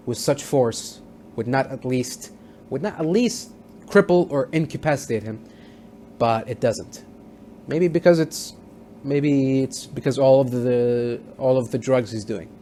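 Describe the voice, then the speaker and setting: A man's voice: medium pitch, dark tone, a little hiss or hum. A man casually recapping a TV episode as a reviewer, rambling with many fillers and restarts. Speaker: TV show reviewer.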